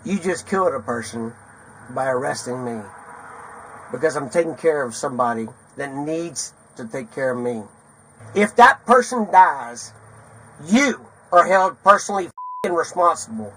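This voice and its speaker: A man's voice: fairly high pitch, big pitch swings, a little slow, a bit bright, slight background noise, poor audio. A man being arrested outdoors, agitated and swearing, swinging between threats and apologies, picked up by an officer's body camera. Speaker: arrested suspect. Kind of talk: heated pleading at police arrest. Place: outdoors in a parking lot.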